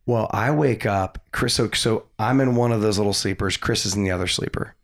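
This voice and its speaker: A man's voice: fairly low pitch, a little fast. A man, a podcast guest, casually telling a rambling story and laughing as he goes.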